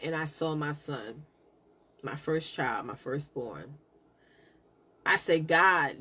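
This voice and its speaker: A middle-aged woman hosting a live stream, telling a personal story in a casual, animated, preaching way. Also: lowish voice. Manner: animated, preachy, laughs a lot.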